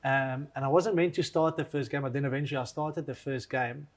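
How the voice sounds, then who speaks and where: A man's voice: mid-range voice, steady tone, brisk. A man and former rugby player co-hosting a casual chat, eagerly prompting questions and repeating words as he starts his sentences.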